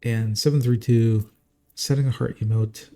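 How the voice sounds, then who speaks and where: A man's voice: medium pitch, fairly even intonation, moderate pace, dark tone. A man casting a strategy game live in a casual, jokey, chatty way. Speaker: game caster.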